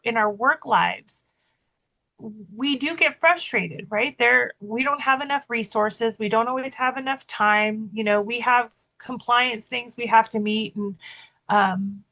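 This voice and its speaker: Woman with a gravelly, higher voice. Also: bright, forceful tone, low-quality recording. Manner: chatty, many "like" fillers and restarts. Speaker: podcast co-host and keynote speaker. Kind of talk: casual storytelling chat.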